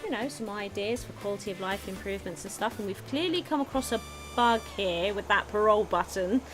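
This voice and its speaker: A woman's voice: mid-range voice, fairly quick, music in the background. A woman giving casual, chatty commentary while streaming a management game, often giggling and talking to her viewers.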